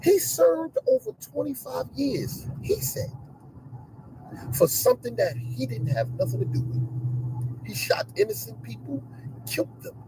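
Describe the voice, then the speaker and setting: A man's voice: very high-pitched, wildly swooping pitch, measured pace, creaky, noisy background. A middle-aged man giving an emphatic, repetitive, preachy commentary rant to his online audience from inside a car.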